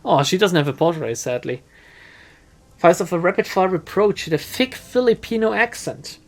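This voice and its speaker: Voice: mid-range voice, lively intonation, normal speed, creaky. A let's play streamer making chatty, joking asides while reading through a game. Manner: chatty asides, laughs, swears. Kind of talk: casual game commentary.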